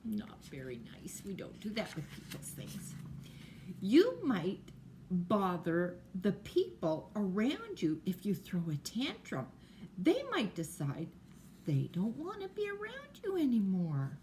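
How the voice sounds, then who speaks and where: Brief: older female storyteller, bedtime reading, unhurried and very lively in pitch. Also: a little hiss or hum. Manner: slow, gentle, explaining to small children. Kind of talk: bedtime picture-book reading.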